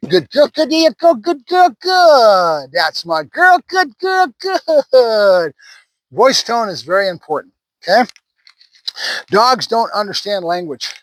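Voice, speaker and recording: A man's voice: high-pitched, a bit bright, no room sound, rough recording. A man who works as a dog trainer explains puppy training in a casual way, often adding "right?" as he talks. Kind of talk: casual instructional talk while training a puppy.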